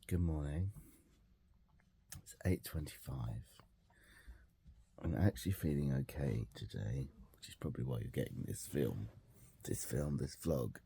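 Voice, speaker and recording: A man talking to camera in a casual vlog, quiet and measured. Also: rumbling low, creaky, slightly rough. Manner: baby talk to his dog, excited and loud. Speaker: vlogger.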